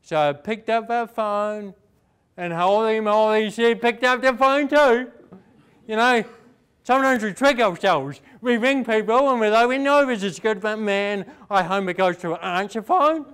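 A young man from New Zealand with a New Zealand accent, giving a fast, emphatic motivational talk and asking the audience questions. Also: sits high, a bit bright, clean tone. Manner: fast-talking, rising and falling for emphasis, asks the audience questions. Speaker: inspirational speaker. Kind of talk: motivational speech.

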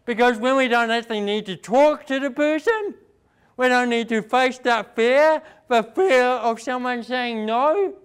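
A young man from New Zealand with a New Zealand accent, giving a fast, emphatic motivational talk and asking the audience questions. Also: extremely high pitch, smooth. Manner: fast-talking, rising and falling for emphasis, asks the audience questions. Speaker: inspirational speaker. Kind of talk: motivational speech.

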